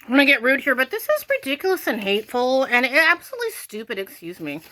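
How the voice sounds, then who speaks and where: A woman's voice: high voice, huge pitch swings, fast, pushed and bright. An American woman ranting casually to her viewers, irritated and rambling, with lots of "like" fillers. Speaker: vlogger.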